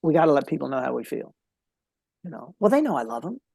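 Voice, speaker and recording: A man's voice: fairly high pitch, big pitch swings, quick pace, vocal fry, darkish tone, slightly rough, no echo. A man speaking as a podcast guest, telling a heartfelt story in an earnest way and repeating key phrases for emphasis.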